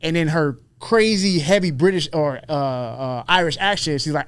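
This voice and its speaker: A man with a fairly high voice tells a story in loose, casual chat. He swears freely and acts out the voices of the people he quotes. The sound is dry and close. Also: normal speed, clean tone, dry recording. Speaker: podcast guest, fighter.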